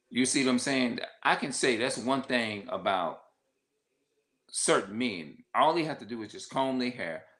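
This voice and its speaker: A man with a fairly low voice talks in a loose, casual monologue. He circles back over his points and keeps asking whether you follow. When he quotes other people, his voice jumps sharply higher. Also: fairly bright tone, rough recording. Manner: repetitive, conversational, often asks "you see what I'm saying". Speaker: vlogger.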